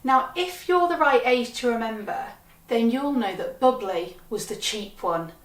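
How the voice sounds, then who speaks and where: A woman storyteller telling comic tales from her childhood with a wry, deadpan delivery. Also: a little high, unhurried. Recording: roomy sound from a distant mic.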